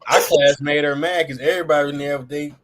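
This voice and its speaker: A man's voice: on the high side, fairly even intonation, brisk, fairly bright tone. A man in his forties from Detroit, hosting a casual class-reunion chat with teasing banter. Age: 40s. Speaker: host.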